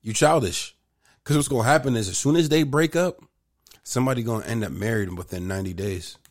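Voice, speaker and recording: A man co-hosting a podcast in casual, profane chat, speaking with a slight lisp. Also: medium pitch. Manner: profane, animated, quick to joke. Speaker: podcast co-host.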